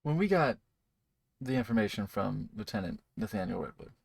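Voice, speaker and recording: A man's voice: on the low side, expressive, brisk, vocal fry, husky, no room sound. A man playing a tabletop game, asking questions about the story in casual chat. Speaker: player.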